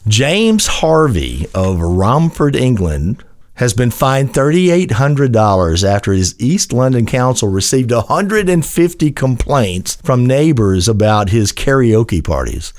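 A man, hosting a casual radio show. His mid-pitched voice rises and falls a lot as he reads odd news items slowly and with emphasis, adding wry asides. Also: very animated. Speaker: radio host. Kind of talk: casual radio chat, reading news stories.

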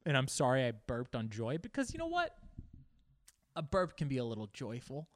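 A man's voice: mid-range voice, wildly swooping pitch, moderate pace, dry recording. A man giving a casual, reflective monologue, musing and searching for words as he talks.

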